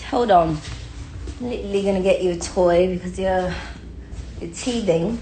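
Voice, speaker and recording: A woman's voice: on the low side, measured pace, pauses often, mellow, slight background noise. A young woman with a New York accent on a casual phone livestream at home, switching between slangy chat with viewers and playful baby talk to her puppy. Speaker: social media personality. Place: home, indoors.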